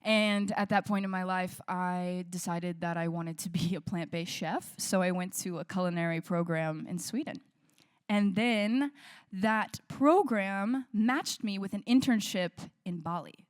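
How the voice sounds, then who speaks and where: A woman singer-songwriter chatting casually with a live audience between songs, laughing often and filling pauses with "um" and "like". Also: medium pitch. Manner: chatty and warm, laughs often, many "like" and "um" fillers. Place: small indoor live music session.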